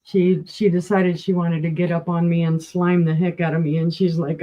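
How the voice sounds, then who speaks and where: A woman's voice: fairly low pitch, little pitch movement, moderate pace, highs cut off. A woman co-hosting a live online sale, calling bids and chatting between items.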